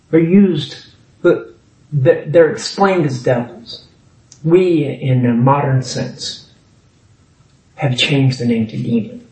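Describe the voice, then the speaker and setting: Slow-preaching man in an echoey hall. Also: distant mic. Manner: preaching, rising high and loud when voicing scripture. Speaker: pastor. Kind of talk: sermon. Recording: echoey room.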